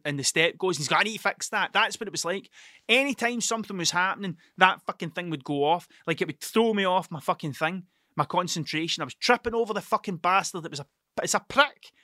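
A man rambles through a solo podcast monologue, peppering every sentence with swearing and doubling back mid-thought. His voice sits a touch high and comes across bright and forceful, recorded dry and close with no room sound. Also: quick pace, dry recording. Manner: swears constantly, restarts and digresses. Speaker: podcast host.

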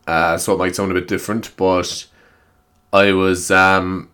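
A man's voice: deep voice, level tone, measured pace, pushed and bright, clean tone. A man with an Irish accent hosting his solo podcast, chatting casually in a rambling, self-mocking way with frequent swearing. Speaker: podcast host. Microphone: new microphone.

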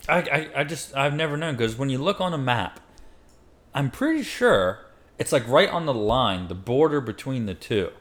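A man's voice: mid-range voice, expressive, normal speed, fairly bright tone. Guy guest on a podcast, kinda unsure, asks lots of questions, voice goes up and down a lot. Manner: unsure, hedging, curious. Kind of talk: casual podcast chat.

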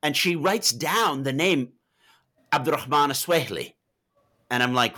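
A man being interviewed about his book, with a high-ish voice and a bright, forceful edge. He talks in a lively, swooping way and keeps wandering into anecdotes as he explains. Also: normal speed, slightly rough. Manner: animated, anecdotal, digressive. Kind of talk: explaining and telling stories in an interview.

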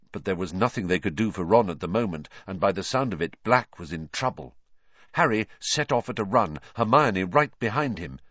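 A man reading a story aloud as narrator, with slow, dramatic delivery. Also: lowish voice, fairly bright tone, dry recording, highs cut off.

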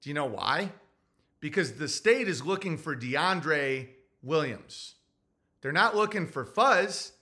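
A man with a New Jersey accent hosting a podcast, talking in an animated casual monologue and acting out quotes in put-on voices. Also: on the high side, takes it slowly. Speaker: podcast host.

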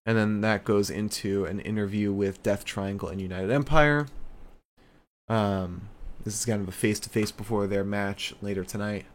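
A man's voice: on the low side, normal speed, a little hiss or hum. A man giving a casual video recap of a wrestling show, loose and chatty, with plenty of fillers.

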